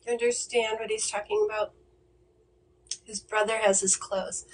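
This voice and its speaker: A woman giving a mediumship reading on a livestream, speaking gently and reassuringly, with many fillers and restarts. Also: mid-range voice, flat delivery, moderate pace. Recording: distant mic with faint noise.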